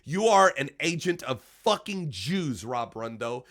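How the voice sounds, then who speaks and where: A man giving heated, profane reaction commentary, dropping to low mutters and then shouting, stammering over his words when worked up. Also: big pitch swings, a little slow. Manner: stammering restarts when agitated. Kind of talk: angry ranting commentary.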